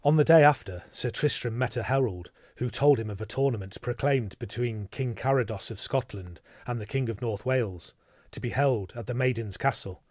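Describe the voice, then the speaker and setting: A man narrating an audiobook in an even, measured storytelling manner. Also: medium pitch, slightly rough, no room sound, clean studio sound.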